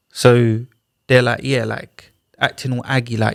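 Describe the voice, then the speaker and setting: A man's voice: medium pitch, unhurried, creaky, no echo. Slangy man, dry close sound. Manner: animated, slangy retelling with acted-out dialogue. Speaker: podcast guest. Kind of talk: casual storytelling. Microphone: studio podcast mic.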